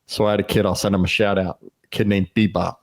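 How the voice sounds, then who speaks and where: Male podcast co-host, low voice, swearing storyteller who acts out voices, loose casual chat. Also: level tone, fast talker. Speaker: former youth football coach.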